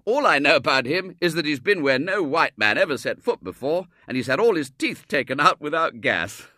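A man voicing a jovial, hearty businessman who speaks loudly. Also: a little high, sing-song, normal speed, no room sound, studio quality, voice pushed up, heavily acted.

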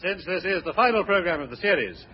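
Smug high male announcer. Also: lively intonation, fast, breathy edge, highs cut off. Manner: smug, self-important announcing. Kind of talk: 1960s radio comedy sketch.

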